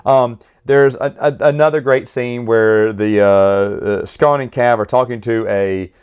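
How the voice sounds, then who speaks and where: A man's voice: medium pitch, a little slow, darkish tone, smooth, muffled recording. A man casually reviewing comics and stories in a chatty, opinionated way, often correcting himself mid-sentence.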